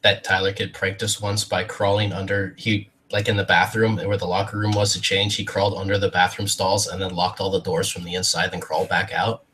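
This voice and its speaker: Animated storytelling man on a podcast. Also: a little fast, hardly any pauses, a little hiss or hum, rough recording. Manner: animated, mimics others in high squeaky voices. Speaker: podcast co-host. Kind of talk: casual storytelling chat.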